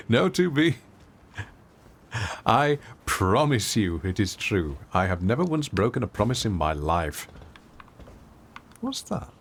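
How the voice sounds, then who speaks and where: A man's voice: mid-range voice, wildly swooping pitch, slow pace, long pauses, slightly rough. A man with an English accent giving wry, theatrical commentary while streaming a game. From England. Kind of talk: casual gameplay commentary.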